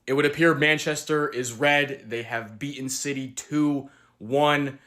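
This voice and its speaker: A man's voice: medium pitch, fairly even intonation, a little slow, a bit bright. A man giving a sarcastic, jokey football match reaction, sounding distant from the microphone.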